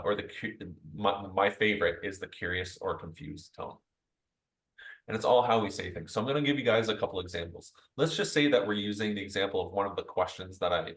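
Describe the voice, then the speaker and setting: Male sales trainer, slightly low voice, chatty coaching delivery, keeps checking in with "right?". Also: a bit bright, poor audio. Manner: chatty, tags most points with "right?"; upbeat coaching tone, addresses group directly. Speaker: real estate sales trainer. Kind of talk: conversational training presentation.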